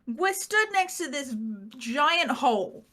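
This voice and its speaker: A British woman recapping a tabletop game in casual, rambling chat, self-mocking and quick to laugh. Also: high voice, animated, bright, forceful tone. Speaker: player giving the recap.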